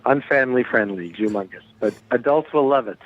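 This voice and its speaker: A man's voice: medium pitch, animated, a little fast, a little hiss or hum. A man talking as a guest musician in a casual radio interview, chatty and joking, heard over a phone line.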